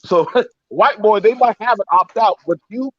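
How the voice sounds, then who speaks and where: A man telling stories in a casual chat, profane and animated, laughing often. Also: high voice, normal speed. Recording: dull lo-fi sound, faint hiss.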